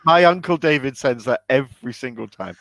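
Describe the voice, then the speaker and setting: A man's voice: mid-range voice, a little fast, creaky, a bit bright, no echo. A man co-hosting a casual comedy chat, telling wry, self-deprecating stories. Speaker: co-host.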